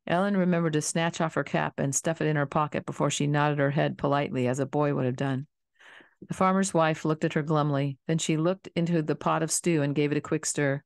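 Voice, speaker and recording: A woman narrating a children's novel in a calm, steady storybook reading. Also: low voice, fairly quick, creaky, no room sound, studio quality. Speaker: audiobook reader.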